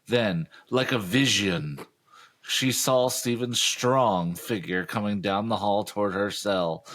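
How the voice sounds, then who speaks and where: A man's voice: lowish voice, slow pace, fairly bright tone. A man co-hosting a comedy podcast, reading a teen novel aloud with dramatic flair and mocking asides. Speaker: podcast co-host. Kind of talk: comic book-reading podcast.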